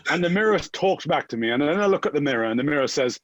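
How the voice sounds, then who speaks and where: A man's voice: on the high side, fast, dry recording, muffled recording. A man from Jamaica with a Jamaican accent, chatting as an upbeat fitness guest and often tagging his points with "right?". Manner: energetic, keeps tagging "right?". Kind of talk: upbeat motivational chat.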